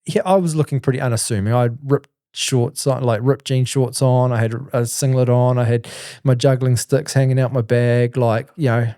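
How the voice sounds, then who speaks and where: A man's voice: medium pitch, fairly even intonation, normal speed, dark tone, dry recording, studio quality. A man, a podcast host telling a long story in a rambling casual way, full of fillers. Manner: rambling, full of "like" and "you know".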